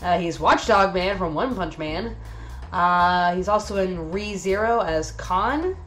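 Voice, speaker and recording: A woman's voice: fairly low pitch, lively intonation, slow pace, a bit bright, slight background noise. A woman hosting a casual anime review video, chatty and enthusiastic with lots of fillers.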